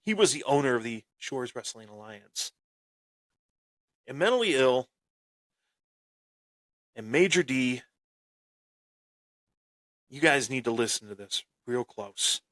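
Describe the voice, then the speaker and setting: A man speaks as his wrestling persona on a podcast, boastful and taunting as he recounts old rivalries. His delivery is unhurried and drawn out. The recording is dry and close, with no room sound. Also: mid-range voice, animated, fairly bright tone, no echo. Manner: swaggering, taunting, dramatic. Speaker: podcast host. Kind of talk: boastful in-character wrestling storytelling.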